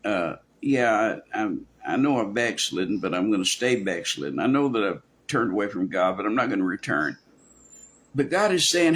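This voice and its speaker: Low-voiced guy preaching, folksy, does little voices for quotes, lots of restarts. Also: very animated, moderate pace, fairly bright tone. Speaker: pastor. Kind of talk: expository sermon.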